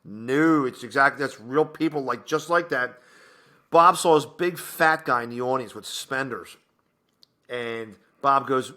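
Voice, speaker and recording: A man's voice: mid-range voice, moderate pace, bright, forceful tone. A man co-hosting a podcast from a home studio, telling rambling stories in casual chat with many fillers and restarts. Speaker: podcast co-host, comedian.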